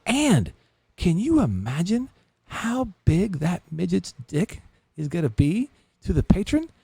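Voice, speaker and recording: Man putting on a squeaky smug genie, very high pitch, dry close sound. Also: sing-song, measured pace, vocal fry, warm tone, husky, no room sound, exaggerated voice.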